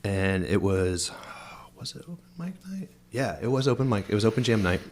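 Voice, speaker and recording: A man with a fairly low voice, chatting casually as a podcast co-host. He rambles through his story, circling back and restarting his sentences. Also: sing-song, moderate pace, a little hiss or hum. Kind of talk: casual chat among friends.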